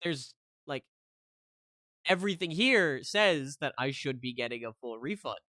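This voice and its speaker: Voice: mid-range voice, a little slow, sharp tone, no room sound, studio quality. A streamer telling a story to chat in a heated, casual rant, keeping on asking "right?".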